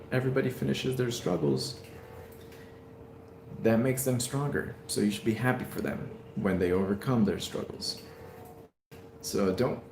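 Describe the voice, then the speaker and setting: A man talks in a loose, rambling way from a hospital room. His voice is gravelly and sits at a middling pitch. The room echoes, with a faint hum behind him. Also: darkish tone. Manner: rambling, heartfelt, many fillers. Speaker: streamer. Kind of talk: casual live stream chat.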